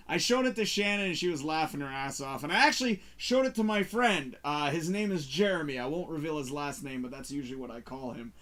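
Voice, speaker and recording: A man hosting a casual talk show, chatting about movies in an animated, rambling way. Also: fairly high pitch. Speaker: show host reviewing movies.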